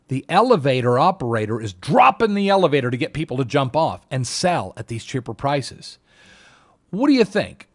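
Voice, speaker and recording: A trading instructor runs an online class, speaking emphatically with a salesman's push. His pitch is fairly high, and he acts out what other traders say.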